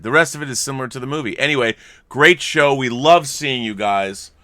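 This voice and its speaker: A man hosting a casual movie podcast over wine, joking and stammering through quick restarts. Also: medium pitch, no room sound. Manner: animated, jokey, stammering restarts.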